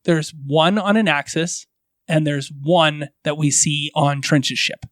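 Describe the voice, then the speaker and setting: A man with a slightly raised pitch co-hosting a casual podcast. He walks through numbers step by step in a chatty, methodical way. His voice sounds dry and close to the mic. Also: fairly even intonation, slow, fairly bright tone, no echo. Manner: tallies figures methodically, explaining at length. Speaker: podcast co-host. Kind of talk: casual fan podcast chat.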